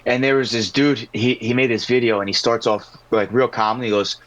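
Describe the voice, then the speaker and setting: A man's voice: medium pitch, steady tone, a little fast, a bit bright, poor audio. A man from New Jersey whose accent has faded, talking loosely as a podcast guest and telling stories with casual swearing. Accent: New Jersey, weakened. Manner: loose, laid-back storytelling with swearing. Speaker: guest, pro player.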